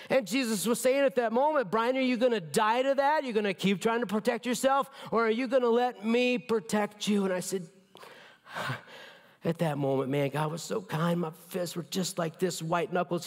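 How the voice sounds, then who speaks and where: A male pastor preaching a sermon with emphatic delivery that drops to a hushed near-whisper in tender moments. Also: high-pitched, long reverb tail. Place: church sanctuary.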